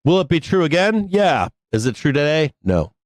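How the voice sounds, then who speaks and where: A man's voice: a little high, sing-song, normal speed, dry recording. A middle-aged man hosting a live trading stream, ranting bluntly and sarcastically with plenty of swearing. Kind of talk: casual live-stream rant.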